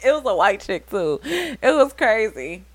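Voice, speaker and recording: A woman's voice: on the high side, unhurried. A woman chatting frankly and casually on a podcast, with many fillers. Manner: relaxed, frank, filler-heavy talk. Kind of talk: casual chat.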